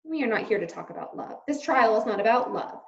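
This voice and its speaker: A woman's voice: on the high side, animated, fast, vocal fry. A woman voicing a stern, pompous male mouse leader who hands down commands. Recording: roomy, slightly dull recording.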